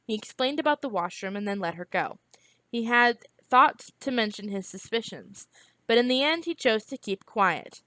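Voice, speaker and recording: A woman reading a novel aloud in a steady, even storytelling manner. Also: a little high, normal speed, dry recording. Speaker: reader.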